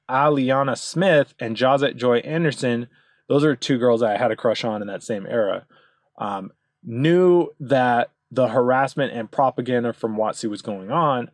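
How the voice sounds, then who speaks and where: Dude ranting, swears a ton, rambly and pushy, regular pitch, dry close sound. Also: male voice, dry recording. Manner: rambling, profane, insistent, with many fillers. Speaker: video commentator. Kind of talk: ranting commentary over card images.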